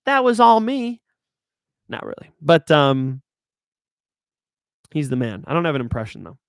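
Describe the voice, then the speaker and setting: A man's voice: on the high side, no echo, clean studio sound. Chatty male show host, hype swings. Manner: chatty, hype-driven, swings loud and soft. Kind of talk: casual fight-pick talk.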